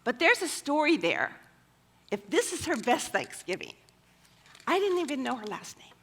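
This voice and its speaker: Chatty woman with a creaky, husky voice. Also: sits high, big pitch swings, normal speed, fairly bright tone. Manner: chatty, with frequent fillers. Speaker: speaker at a church women's gathering. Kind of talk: personal storytelling talk.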